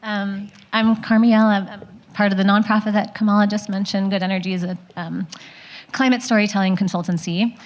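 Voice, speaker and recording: A woman's voice: medium pitch, fairly even intonation, fairly quick. A woman in the audience asking a panel a question, hesitant and full of ums. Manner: hesitant, many ums and restarts. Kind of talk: question from the floor.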